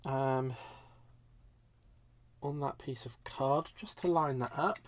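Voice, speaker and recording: A man's voice: medium pitch, slow, background noise. Chatty British man demonstrating crafts. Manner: chatty, greets viewers, talks through each step. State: stuffy nose from a cold. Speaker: crafting livestream host. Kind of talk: live crafting tutorial with chat.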